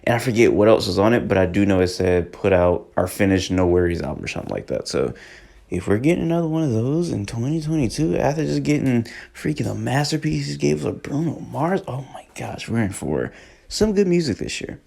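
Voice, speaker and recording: A young man talking casually and excitedly about music as a reviewer, rambling in slang. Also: mid-range voice, fairly quick, gravelly. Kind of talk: casual chat.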